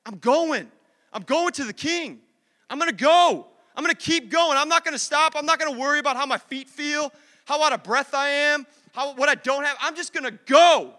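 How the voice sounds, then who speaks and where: A man's voice: extremely high pitch, moderate pace, bright, forceful tone. A man voicing a desperate father who pushes on to reach Jesus, talking with breathless resolve. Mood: determined. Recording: long hall reverb.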